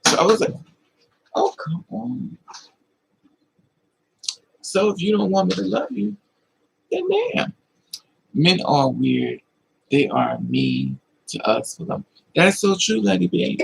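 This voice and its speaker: A man's voice: high-pitched, sing-song, moderate pace, gravelly, slight background noise, low-quality recording. A man hosting a livestream, telling personal stories with emotion and replying to chat comments in a confiding way. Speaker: livestream host. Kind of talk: casual livestream talk, answering chat.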